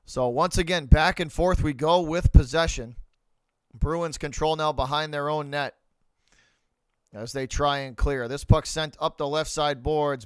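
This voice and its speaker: A man's voice: a little high, smooth, no room sound. A man with a Boston accent giving live hockey play-by-play as a fan streamer, talking to his chat and rooting for his team. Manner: chatty, rooting for Boston, talks to chat viewers.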